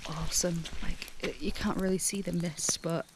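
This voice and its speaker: A woman's voice: on the low side, background noise. Gushing woman hiking through woods. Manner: gushing, excitable, laughs often, drops to hushed murmurs. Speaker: hiking vlogger. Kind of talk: casual vlog narration while hiking. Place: misty woodland trail outdoors.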